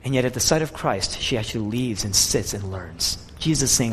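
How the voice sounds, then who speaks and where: A male pastor preaching a sermon with a dynamic delivery, his voice rising loud and high, then dropping low and soft. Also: lively intonation, a little fast, husky. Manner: dynamic preaching, rising and falling in pitch and loudness. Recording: long reverb of a large hall.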